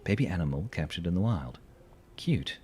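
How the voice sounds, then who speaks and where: A hoarse man chatting casually while streaming a game, playful and rambling, with silly sing-song asides. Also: low-pitched, lively intonation, normal speed, a little mellow.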